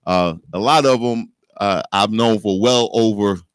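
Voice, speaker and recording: A man's voice: lowish voice, unhurried, clear, resonant tone, no room sound, clean studio sound. A middle-aged man hosting a radio show, bantering in a joking, profane way. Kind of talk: casual radio chat. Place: radio studio.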